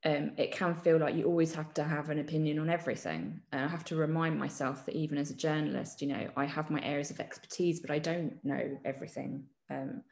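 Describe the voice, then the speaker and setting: A woman journalist talks through her views in a relaxed interview, her voice low with a gravelly texture. She pauses often with ums and restarts her sentences as she thinks. The sound carries a roomy echo. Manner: thoughtful, many ums and restarts. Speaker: journalist guest. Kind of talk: reflective conversational interview.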